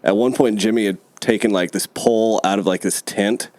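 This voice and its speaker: A man's voice: on the low side, fairly even intonation, fairly quick, a little mellow, slight background noise. A man in a casual podcast chat, telling stories in a laid-back way, laughing often and saying "dude" and "man". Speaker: podcast guest.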